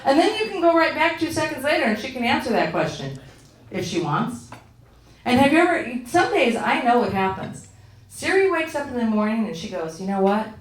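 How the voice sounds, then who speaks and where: A woman's voice: high voice, very animated, brisk. A middle-aged woman doing a stand-up routine in a comedy club, telling exasperated, swearing stories. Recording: roomy, from far off.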